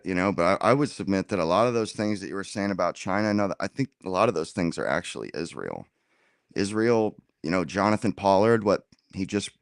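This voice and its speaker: A man in a casual political roundtable debate, talking in an animated, argumentative way and dropping slang as he makes his point. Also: deep voice, clear, resonant tone, no room sound, studio quality. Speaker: roundtable guest.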